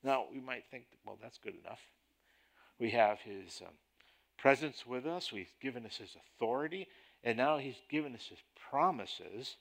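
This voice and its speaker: A man preaching a sermon as a pastor, deliberate and emphatic in his delivery. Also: mid-range voice, expressive, creaky, a bit bright.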